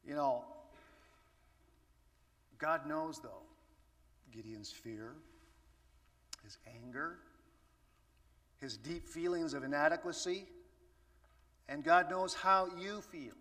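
Preacher, man, bright voice, chatty with rhetorical questions, heard from afar. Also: fairly high pitch, slow pace, pauses often. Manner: conversational, asks the audience rhetorical questions. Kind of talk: sermon. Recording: echoey hall from far off.

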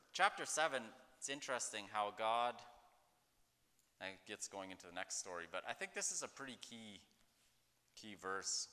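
Very bright-voiced man with a chatty manner. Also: on the low side. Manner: conversational, rambling, with many fillers and acted-out quotes. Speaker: pastor. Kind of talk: casual devotional talk. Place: outdoors. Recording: echoey hall-like reverb.

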